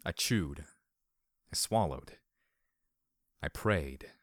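A man reading a first-person story aloud, measured and wry. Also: a bass voice, animated, fairly bright tone, dry recording, studio quality. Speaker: audiobook reader.

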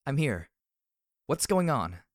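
A man reading an audiobook, voicing a blunt, tough young female pony who speaks loudly and directly. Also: mid-range voice, expressive, unhurried, dry recording, clean studio sound, voice pushed up, close to an everyday voice. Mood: gentle. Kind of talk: audiobook character voice.

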